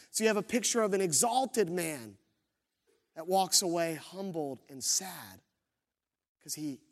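A man preaching a sermon as pastor, telling the story with lively, acted-out quotes. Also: high-pitched. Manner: animated storytelling, acts out quoted voices.

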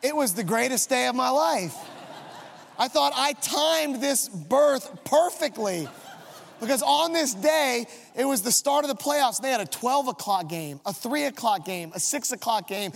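A man's voice: very high voice, expressive, a little slow, vocal fry, slight background noise. A man in his thirties preaching a sermon, telling a comic, self-mocking story about his own family. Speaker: pastor. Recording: long reverb of a large hall.

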